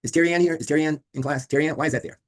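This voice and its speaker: A man's voice: a little high, fairly even intonation, rapid-fire. A man teaching a law class over a video call, quizzing students and repeating key points. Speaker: law instructor. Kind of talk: online class lecture.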